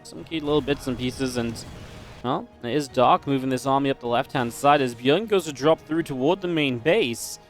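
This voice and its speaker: A man's voice: medium pitch, normal speed, faint music behind. A man casting a strategy game match, chatty and analytical, breaking into easy laughs. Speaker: esports caster. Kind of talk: play-by-play game commentary.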